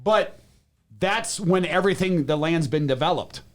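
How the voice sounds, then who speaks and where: A man's voice: on the high side, normal speed. Joking real estate man from Wisconsin. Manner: animated, joking, trails off and restarts. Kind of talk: casual panel chat.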